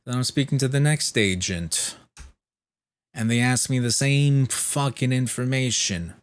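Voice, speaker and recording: A man, sick with a fever and clearing his throat, telling a profane, exasperated story in casual chat and mimicking the people he spoke to. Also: mid-range voice, measured pace. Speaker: vlogger.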